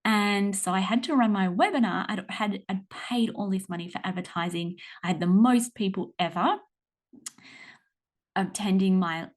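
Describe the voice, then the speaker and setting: A woman's voice: mid-range voice, normal speed. Australian woman podcaster telling a story. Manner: animated, laughs while telling stories. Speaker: podcast host. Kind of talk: casual storytelling monologue.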